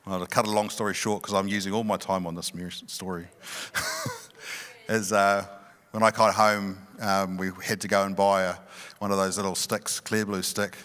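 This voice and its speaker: A middle-aged male pastor telling a personal story in a sermon, animated and often laughing. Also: low voice, normal speed. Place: large church hall. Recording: long reverb of a church hall.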